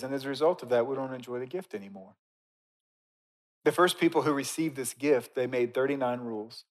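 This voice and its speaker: Emphatic conversational male preacher. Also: mid-range voice. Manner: conversational and emphatic, swinging between loud bursts and quiet, drawn-out stresses. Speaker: pastor. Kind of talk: sermon.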